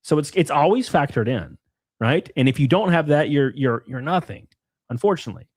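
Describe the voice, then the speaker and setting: A man's voice: a little high, animated, a little fast, husky, no room sound. A man streaming live, reading chat and rambling through loose, crude takes with frequent laughs. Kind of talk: casual livestream chat.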